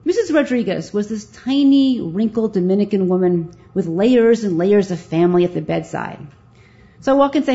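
A woman, a physician, telling a live story in a lively, self-mocking way, with a dull lo-fi sound. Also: mid-range voice, brisk.

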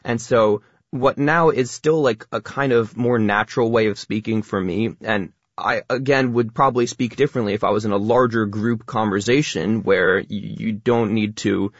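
Fast-talking man, low husky voice. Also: dry recording, lo-fi sound. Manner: fast talker, explains at length. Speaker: guest on radio interview. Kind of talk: casual explanatory chat.

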